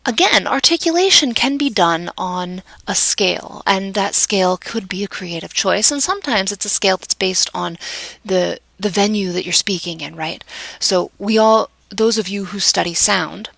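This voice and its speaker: A woman giving a lecture on vocal delivery in a measured, explanatory way, sometimes restarting a phrase. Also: medium pitch, lively intonation, vocal fry, a bit bright, no echo, poor audio. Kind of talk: recorded lecture.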